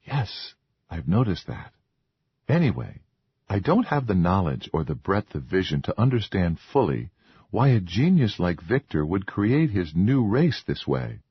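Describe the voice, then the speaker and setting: A man's voice: low voice, very animated, unhurried, husky, no echo, lo-fi sound, full character voice. A man voicing a meek, earnest young wife. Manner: soft, pleading, formal.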